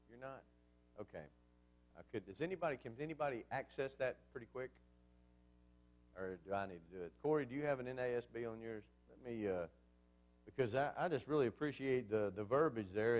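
A man preaching a Bible class sermon in a conversational way, asking the congregation questions as he goes. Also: medium pitch.

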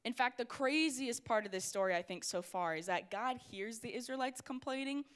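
A young woman preaching to a youth crowd with a bright, fairly high voice. She is energetic and playful, calling out to the room as she goes. Her delivery is conversational and full of asides. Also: moderate pace, smooth. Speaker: youth pastor. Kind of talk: youth sermon. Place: church hall before a youth crowd.

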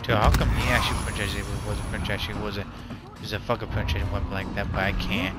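A man's voice: fairly low pitch, steady tone, fast talker. A young man giving casual gameplay commentary through a headset, reacting with frustration and frequent swearing in rambling outbursts. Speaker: gaming commentator. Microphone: gaming headset. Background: loud game music.

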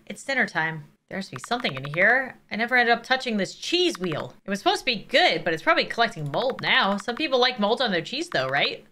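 A woman voicing a lonely young girl who talks herself quietly and uneasily through daily chores, reading game dialogue aloud. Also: mid-range voice, slight background noise. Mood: uneasy. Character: lonely young girl caring for monsters alone.

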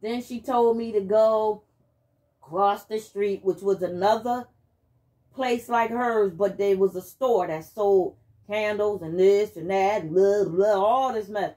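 Woman host, personal testimony, emphatic storyteller addressing viewers, mid pitch. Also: measured pace. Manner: animated, emphatic, addresses listeners directly. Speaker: channel host giving testimony.

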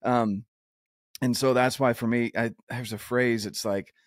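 An earnest male podcast host with a voice of middle pitch, chatting with a guest in a loose, rambling way. His voice is recorded close and dry, with no room sound. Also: steady tone, measured pace, dry recording. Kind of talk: casual interview chat.

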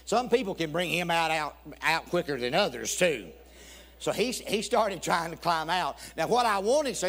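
A man's voice: on the high side, animated, moderate pace, a bit bright. A man preaching a storytelling sermon in a church, folksy and humorous, acting out both sides of a conversation. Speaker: guest preacher. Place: church sanctuary.

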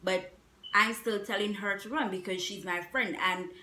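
Young woman, casual storytime, animated and repetitive, bright sharp voice, roomy echo, faint noise. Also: mid-range voice, normal speed. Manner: animated, repetitive retelling with emphatic asides. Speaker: vlogger. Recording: echoey room.

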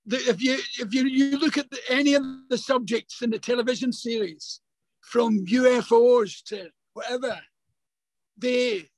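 An older man, an actor, telling stories in a remote interview over a video call, halting and repeating words as he goes. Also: very high voice, poor audio. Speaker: actor guest. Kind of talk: remote interview, casual storytelling.

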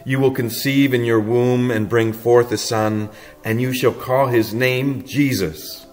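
A man reading a storybook, voicing the angel Gabriel as a gentle male angel who murmurs softly and sometimes sings out high. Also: steady tone, measured pace, faint music behind, close to an everyday voice. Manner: soft murmuring speech, breaks into high singing.

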